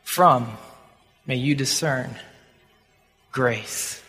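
Brief: man voicing a quiet, measured school principal in a sermon story, bright tone, long hall reverb. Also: fairly high pitch, animated, slightly rough, heavily acted. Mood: hushed. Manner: quiet and measured, at times whispered. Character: calm, firm older male school principal.

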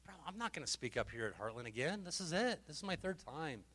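A man preaching a sermon from a festival stage, fervent and emotional, swinging from loud exhortation to hushed talk. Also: fairly high pitch, very animated, fast talker, in a large hall. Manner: emotional, repeats and restarts words.

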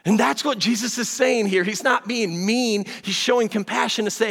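Male pastor, sermon, high bright voice, earnest conversational delivery, long hall reverb. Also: gravelly. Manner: earnest, conversational preaching that drops to soft, slow asides.

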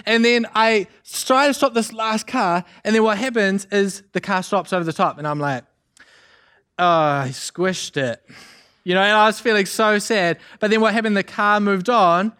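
A young man from New preaching a sermon, telling a story with jokes in an animated way. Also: high voice, normal speed, few pauses, smooth. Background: band playing softly.

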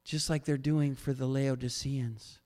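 A man preaching a sermon as pastor, telling stories with animated swings and sudden loud peaks. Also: mid-range voice, a little slow. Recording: long reverb of a large hall.

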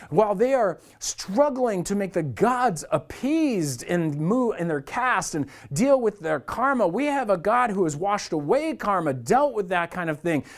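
A man preaching a sermon as a church pastor, talking to the congregation in an earnest, conversational way. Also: high-pitched.

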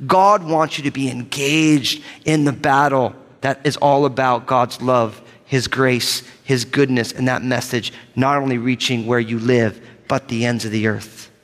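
Joking pastor preaching in a big hall. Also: male voice, mid-range voice, a little slow, few pauses. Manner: lively, joking, calls for amens. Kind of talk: sermon. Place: church sanctuary with live congregation. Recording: reverberant hall sound.

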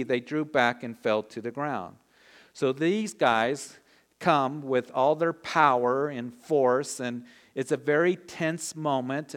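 A man preaching an expository sermon, conversational and earnest, acting out quoted lines of dialogue. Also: medium pitch. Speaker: pastor. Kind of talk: expository Bible teaching.

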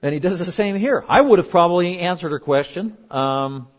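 A man's voice: sits high, animated, quick pace. A middle-aged male pastor giving a sermon in an emphatic, conversational way, with joking asides. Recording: dull lo-fi recording.

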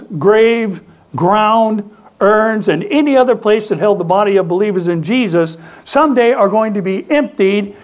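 A man's voice: sits high, darkish tone. A man preaching a sermon as pastor, emphatic and calling on the congregation to answer back. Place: church sanctuary.

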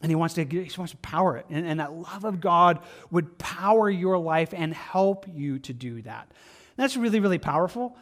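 An American man, a pastor, preaching a conversational sermon and acting out people's excuses in quick little voices. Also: fairly high pitch, lively intonation.

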